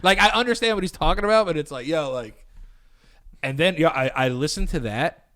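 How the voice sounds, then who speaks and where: A man's voice: a little high, lively intonation, a little fast, bright, forceful tone. A man co-hosting a podcast, chatting casually and wryly, slipping into mocking impressions of others. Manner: wry, does mocking impressions. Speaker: podcast co-host. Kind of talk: casual chat.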